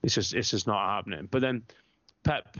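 A man's voice: on the low side, moderate pace, a bit bright, no echo. A man co-hosting a football podcast, ranting bluntly and swearing constantly in heated casual chat. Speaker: podcast co-host, football fan. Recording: dry, slightly muffled lo-fi sound.

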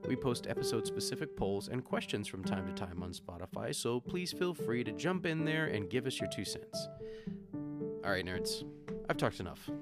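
Middle-aged man, low voice, casual podcast host. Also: animated, normal speed, loud music behind the voice. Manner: rambling, self-deprecating, restarts and laughs.

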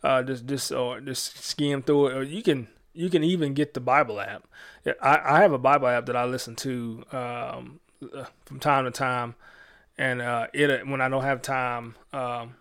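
A man's voice: mid-range voice, moderate pace. Laid-back man hosting a radio show. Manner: relaxed and conversational, slangy, many fillers and restarts. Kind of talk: casual faith talk on radio.

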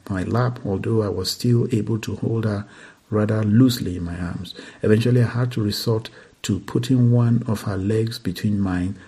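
Gravelly, husky man reading aloud. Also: fairly low pitch. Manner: steady, earnest reading with occasional slips. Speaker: reader. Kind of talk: reading a first-person deliverance account aloud.

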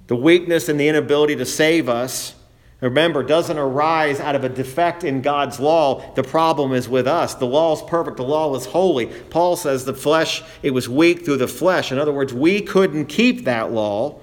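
A man preaching an expository sermon, reading scripture aloud and slowing down to stress key phrases. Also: on the high side. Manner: quotes scripture in old-fashioned wording.

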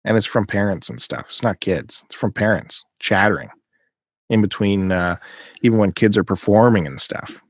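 A man's voice: lowish voice, moderate pace, no echo, clean studio sound. A man chatting casually on a podcast, ranting and teasing in an opinionated way. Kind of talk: casual chat.

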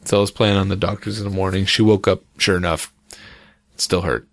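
A man's voice: low-pitched, quick pace, no echo. A man chatting casually as a podcast co-host, telling a rambling story with frequent laughs. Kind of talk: casual chat.

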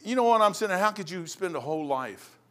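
A man, preaching fervently, swinging between shouted points and hushed asides. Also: high-pitched, expressive, a little fast. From Kentucky. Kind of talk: impassioned preaching.

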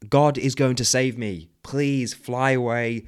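A man's voice: mid-range voice, fairly even intonation, slow pace, clear, resonant tone, lightly acted. A man voicing a stubborn drowning man. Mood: insistent. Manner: insistent, pleading. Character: stubborn drowning man refusing rescue, devout.

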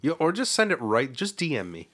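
A man's voice: fairly high pitch, huge pitch swings, brisk, a bit bright. A man in casual chat on a podcast, blunt and given to crude jokes. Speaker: podcast co-host.

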